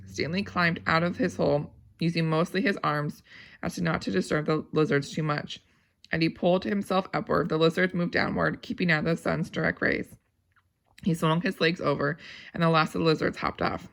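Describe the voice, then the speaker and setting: A woman reads a novel aloud at a steady pace, with small slips and restarts. Her voice has a gravelly edge. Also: deep voice, a little fast. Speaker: audiobook reader.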